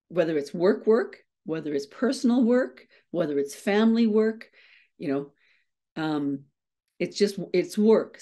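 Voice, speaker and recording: A middle-aged woman, a motivational speaker, telling a story with fast, self-mocking humor and frequent laughs. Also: mid-range voice, mellow. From Canada. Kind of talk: storytelling keynote talk.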